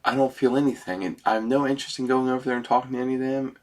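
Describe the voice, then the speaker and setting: A man's voice: medium pitch, flat delivery, racing, a little mellow. A middle-aged man talking through a personal vlog monologue, rambling and emotional, close to tears and ending many sentences with "man.".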